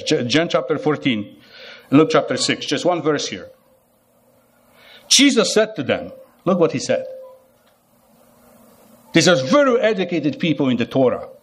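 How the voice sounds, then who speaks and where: Emphatic higher-voiced male preacher. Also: slight background noise. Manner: emphatic, repeats phrases, asks the listeners rhetorical questions. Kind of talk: sermon.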